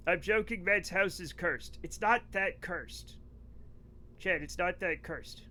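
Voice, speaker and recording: A man with a high voice and a sharp tone talks slowly. He's from the northeastern United States, has a New England accent, and is casually and animatedly chatting on a live game stream, joking with viewers.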